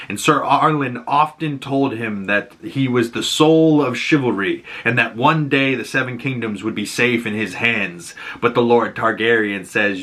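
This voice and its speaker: A man with a Boston accent hosting a casual podcast, recapping an episode with frequent laughter and quick acted-out character lines. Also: mid-range voice, pushed and bright. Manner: laughs often, acts out characters in quick voices. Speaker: podcast host.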